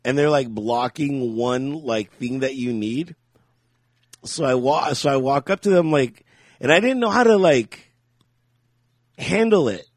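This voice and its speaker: A man's voice: mid-range voice, lively intonation, unhurried, pauses often, no echo, clean studio sound. A man co-hosting a podcast in casual chat, telling rambling stories, laughing often and acting out what people said. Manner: rambling storyteller, laughs often, acts out quotes. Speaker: podcast co-host.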